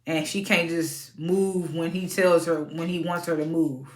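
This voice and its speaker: A woman giving a casual, outspoken recap of a reality TV episode, animated and prone to sudden high-pitched exclamations. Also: unhurried, reverberant. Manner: informal and outspoken.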